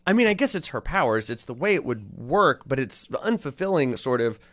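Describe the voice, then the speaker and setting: A man's voice: medium pitch, big pitch swings, a little fast. A man co-hosting a casual movie review podcast, joking and trailing off into muttered asides. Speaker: podcast co-host.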